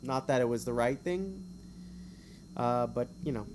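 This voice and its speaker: A man's voice: mid-range voice, animated, darkish tone, a little hiss or hum. A man streaming, reading a gamebook aloud in a casual way, with rambling, self-mocking asides between passages. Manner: chatty, rambling asides, quick to laugh at himself.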